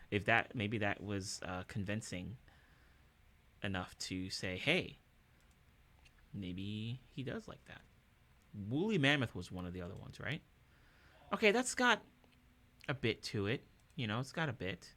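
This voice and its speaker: A man's voice: lowish voice, big pitch swings, moderate pace, pauses often, bright, forceful tone. A man hosting a casual livestream, upbeat and chatty with his viewers, chuckling often. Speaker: streamer and musician.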